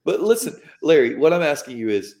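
A man's voice: a little high, sing-song, brisk, darkish tone. A man from Mississippi in casual argumentative banter, insisting and repeating himself to make a point.

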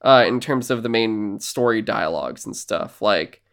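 A man co-hosting a casual podcast, recapping a video game and acting out character lines in quick put-on voices. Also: fairly low pitch, animated, a bit bright. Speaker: podcast co-host. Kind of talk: casual chat.

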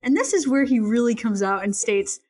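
A woman in casual conversation, an animated storyteller who laughs often while recounting a book. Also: fairly high pitch, brisk.

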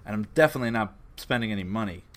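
A man's voice: fairly low pitch, lively intonation, rapid-fire, heavy background noise. A man co-hosting a podcast, chatting casually with joking, wry banter. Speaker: podcast co-host. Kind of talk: casual chat.

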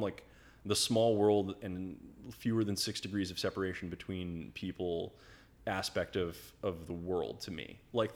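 A man in his thirties from the United States, talking in a loose, rambling way and stacking "like" between his phrases. His voice sits very low. He is in relaxed conversational storytelling mode. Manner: rambling storyteller, heavy use of "like" fillers. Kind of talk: casual chat.

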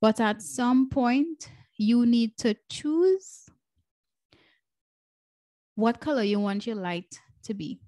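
A woman's voice: a little high, animated, slow pace, pauses often, mellow, dry recording. A woman hosting a podcast as a breathwork coach, telling a personal story in an earnest, emotional way and repeating phrases for emphasis.

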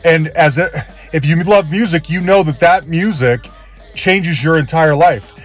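A man's voice: a little high, measured pace, soft background music. A man hosting a podcast and introducing an episode on his own, rambling and self-deprecating. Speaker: podcast host.

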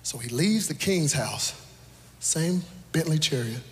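A man preaching a sermon with storytelling, shouting and playful, then dropping suddenly to quiet. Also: fairly high pitch, animated, slow. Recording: long reverb in a large hall.

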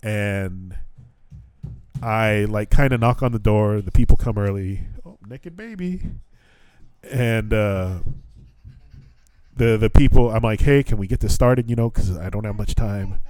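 A man in his thirties from the United States hosts a casual podcast, recounting a story with plenty of swearing and quoted back-and-forth dialogue. His voice sits a little low, and the close recording is dry with no room sound. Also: fairly even intonation, measured pace, a little mellow, smooth, dry recording. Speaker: podcast host. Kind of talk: casual chat.

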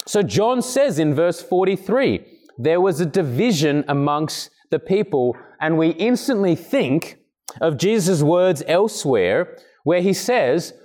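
A man preaching an expository sermon, earnest and emphatic, occasionally clearing his throat between points. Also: animated, a little slow, darkish tone. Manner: earnest, emphatic, acts out quoted speakers with raised pitch.

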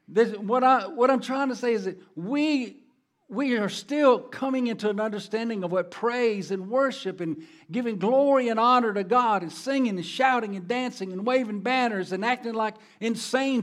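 A middle-aged male guest preacher delivering a sermon with a fairly high voice. He drops to a low, confiding tone and then surges into loud, emphatic declarations. His pace shifts freely to stress his points. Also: moderate pace. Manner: emphatic, swinging from quiet to loud boasting. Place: church sanctuary.

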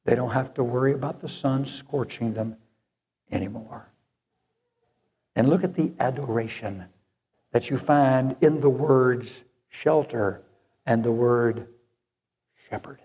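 A man's voice: mid-range voice, mellow, husky. A male preacher delivering an earnest sermon that rises to fervent moments. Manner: slow, earnest, rising to fervent.

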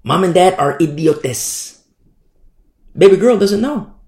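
A man's voice: fairly high pitch, lively intonation, a little slow, darkish tone. A man preaching a sermon in a fiery, scornful, emphatic manner. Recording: echoey room.

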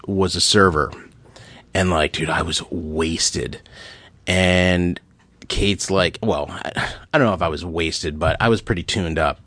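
A man with a lowish voice spins loud, profane stories in loose podcast chat, leaning on "like" constantly. The sound is dry and close, with no room around it. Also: no echo. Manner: animated, profane storytelling full of "like". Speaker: podcast co-host. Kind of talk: casual chat.

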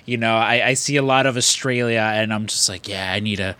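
An American man in his thirties from the Chicago area hosts a podcast, chatting casually in a rambling, enthusiastic way. His lowish voice is fairly quick, bright, forceful and smooth, heard in a dry recording.

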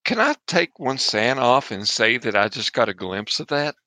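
A man's voice: mid-range voice, very animated, moderate pace, pushed and bright, no echo. A man playing a tabletop game, joking around and slipping into his soldier character's lines. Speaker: player. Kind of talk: casual tabletop game chat.

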